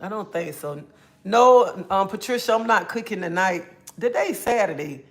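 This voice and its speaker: A woman hosting a casual livestream, greeting viewers by name and chatting in a relaxed style. She says she feels a little under the weather. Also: medium pitch. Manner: greets chat viewers by name, drawn-out friendly talk. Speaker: livestream host.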